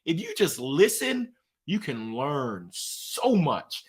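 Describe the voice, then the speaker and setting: A man guest talking in an energetic, preachy, slangy storytelling way in an interview. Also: fairly high pitch, slow pace, breathy edge. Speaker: guest, author. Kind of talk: motivational interview talk.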